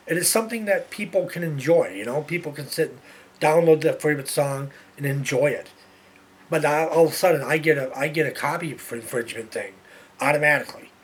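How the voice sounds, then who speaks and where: A man's voice: a little high, a little hiss or hum. A man hosting his own show, ranting in an exasperated way, repeating himself and restarting his sentences. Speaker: show host. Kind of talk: ranting monologue.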